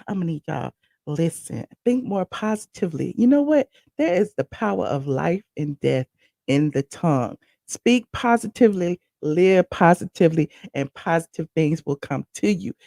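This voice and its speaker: Woman, live-stream host, chatty and rambling, slight gravel, dry close sound. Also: fairly low pitch, moderate pace, no echo. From Atlanta, USA. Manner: chatty, animated, rambling asides. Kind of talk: casual live-stream chat.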